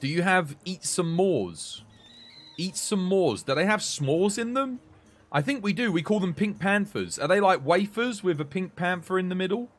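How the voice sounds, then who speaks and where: A man's voice: sits high, animated, moderate pace, soft background music. A British man chatting casually with his live-stream viewers, rambling and answering chat. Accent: British English. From United Kingdom.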